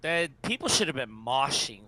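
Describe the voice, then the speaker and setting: Lively bright co-host, off mic. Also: male voice, medium pitch, normal speed, no room sound. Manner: brief interjecting reactions. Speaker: podcast co-host. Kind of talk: casual chat.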